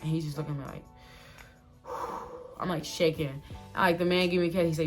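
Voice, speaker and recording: A young woman with a slightly low voice rambles through a personal story for her channel, packing her talk with "like" and "you know" and acting out what everyone said. A faint bed of music sits behind her speech. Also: fast. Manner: animated, full of fillers, quotes herself and others. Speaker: vlogger. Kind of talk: casual storytime. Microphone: phone or camera mic.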